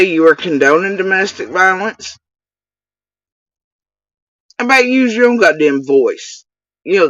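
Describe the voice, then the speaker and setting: On his own channel, a man with a mid-range, slightly bright voice delivers an angry direct-to-camera rant. It's profane and packed with accusations and insults aimed at a single person, captured in a dull, lo-fi, dry recording.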